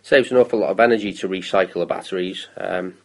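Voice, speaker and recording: A man's voice: deep voice, quick pace, gravelly, darkish tone, poor audio. A man in his thirties from the UK, chatting on a local show about council recycling with many ums and restarts. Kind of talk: casual radio chat.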